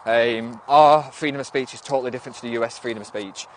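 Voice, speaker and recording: A man's voice: mid-range voice, steady tone, fast, slight background noise. A young man from Northwest England with a Northern English accent, chatting loosely on a phone livestream, rambling with frequent restarts and swearing now and then. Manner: rambling, restarts often, swears and snaps back at commenters. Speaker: livestream host. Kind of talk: casual livestream chat, reading and answering viewer comments.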